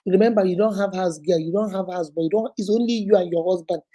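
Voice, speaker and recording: Woman in her fifties, mellow tone, casual live-stream chat, laughs a lot, greets viewers by name. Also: medium pitch, quick pace. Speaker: host.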